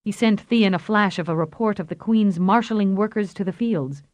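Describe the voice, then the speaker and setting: A woman narrating a science fiction audiobook in a steady, even reading voice. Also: medium pitch, moderate pace, few pauses, dull audio. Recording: roomy echo.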